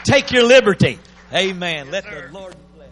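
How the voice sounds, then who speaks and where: A man with a very high voice, pastor of the church. He introduces the guest preacher eagerly, pausing on fillers. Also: very animated, a bit bright.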